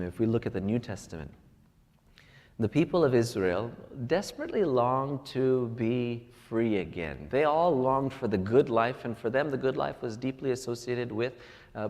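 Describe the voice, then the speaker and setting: A man's voice: mid-range voice, darkish tone. Man preaching in a reverberant hall. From United States. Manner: storytelling, rising to emphatic peaks. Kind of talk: sermon. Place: large church hall. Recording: long reverb of a church hall.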